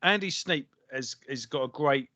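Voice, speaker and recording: A man chatting on a podcast, his voice sitting in the middle range and recorded close and dry with no room sound. He tells stories with lively emphasis and swears casually. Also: medium pitch, normal speed, dry recording. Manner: sweary, animated storytelling. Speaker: podcast co-host. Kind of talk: casual chat.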